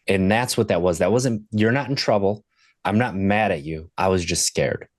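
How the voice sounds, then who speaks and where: A man in his thirties with a fairly low voice speaks as a podcast guest and sobriety coach. He tells stories from his own life in an earnest, conversational way. The recording is dry and close. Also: lively intonation, moderate pace, no echo. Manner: earnest storyteller, retelling moments from his life.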